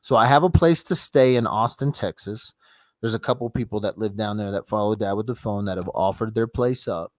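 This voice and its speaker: A man's voice: lowish voice, fairly quick, dry recording, studio quality. A middle-aged man hosting a casual live stream from his phone, rambling loosely and swearing freely as he talks with callers. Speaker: livestream host taking callers.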